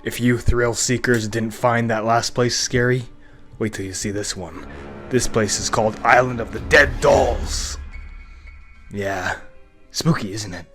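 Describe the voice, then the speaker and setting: A man's voice: mid-range voice, measured pace, a bit bright, soft background music. A man giving comedic commentary as he reads funny online reviews aloud, with sarcastic, mock-outraged asides. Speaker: comedy YouTuber reading reviews.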